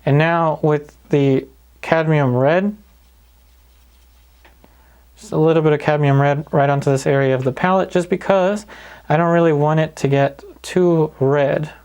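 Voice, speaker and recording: Guy with a gravelly voice walking you thru a paint-along, relaxed and easygoing. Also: a little high, a little slow, pauses often. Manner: calm, easygoing, talks through each step. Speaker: painting instructor. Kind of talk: paint-along tutorial narration.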